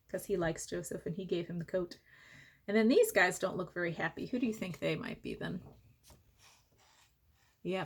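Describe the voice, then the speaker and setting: A woman teaching a Sunday school lesson to young children, speaking gently and encouragingly, slow and clear. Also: mid-range voice, a little hiss or hum.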